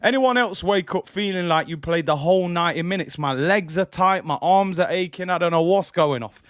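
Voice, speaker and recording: A young man hosting a lively football fan stream, hyped and playful, shouting out his chat while tired after a late night. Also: high voice, a little fast, dry recording, studio quality. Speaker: football channel host.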